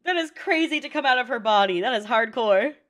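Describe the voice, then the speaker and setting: A woman reacting to an anime movie in casual, excitable commentary, swearing and laughing often. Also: on the high side.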